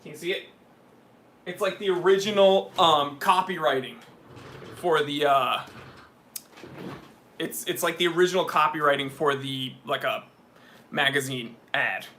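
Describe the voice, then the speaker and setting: A man hosting a live question-and-answer stream, reading viewer comments aloud in an excitable, laughing way. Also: fairly high pitch, a little slow, long pauses. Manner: hyped and excitable, laughs often. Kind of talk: casual livestream chat, reading viewer comments.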